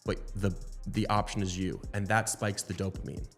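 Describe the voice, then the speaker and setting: A man's voice: low-pitched, steady tone, normal speed, soft background music. A man hosting a podcast, explaining ideas in a coaching way. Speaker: podcast host. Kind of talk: casual podcast conversation.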